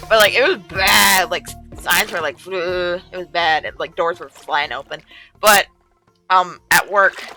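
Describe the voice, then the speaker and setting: A woman's voice: fairly low pitch, measured pace, poor audio. A young woman streamer in casual chat, swearing freely and slipping into silly voices. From an island. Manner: animated, swears a lot, slips into silly voices. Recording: music playing behind the voice.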